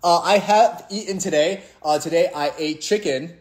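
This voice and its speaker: A young man with a voice on the high side, speaking at normal speed, hosts a casual live stream. He reads viewer comments aloud and answers them playfully and jokily, rambling with restarts and sudden mock-sad drops.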